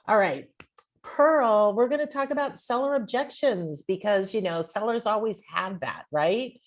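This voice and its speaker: A woman's voice: mid-range voice, unhurried. A woman leading an online real estate training, upbeat and encouraging as she calls on people. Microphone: video call.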